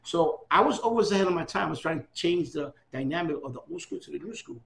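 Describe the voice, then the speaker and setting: Gravelly middle-aged man telling his story. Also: on the high side, quick pace. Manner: animated, acts out quoted dialogue. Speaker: interviewee. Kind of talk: casual oral history storytelling.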